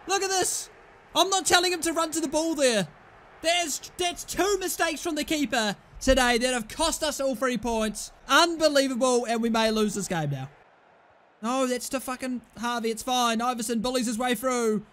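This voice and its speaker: Excitable British lad commentating gameplay. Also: male voice, extremely high pitch. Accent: British English. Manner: excitable, swears, shouts at teammates. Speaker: gaming YouTuber.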